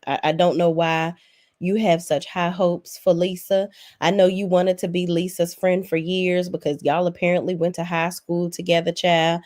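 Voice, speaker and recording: A woman's voice: lowish voice, darkish tone. Sassy profane woman recapping reality TV. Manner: sassy, blunt, profane, talks straight to the cast. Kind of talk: casual opinionated recap commentary.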